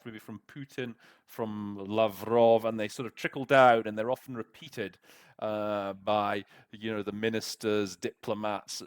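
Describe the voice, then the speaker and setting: A man as host of an interpreting lesson, talking casually with lots of fillers and restarts as he walks through a text. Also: mid-range voice. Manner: chatty, full of fillers and restarts. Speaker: interpreting tutor. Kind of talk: casual teaching breakdown.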